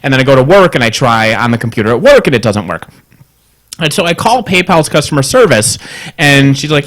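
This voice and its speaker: A man's voice: medium pitch, big pitch swings, fast, a bit bright. A man co-hosting a podcast, telling an exasperated, profanity-laced story and mimicking both sides of a phone call. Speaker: podcast co-host. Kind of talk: casual chat, ranting anecdote.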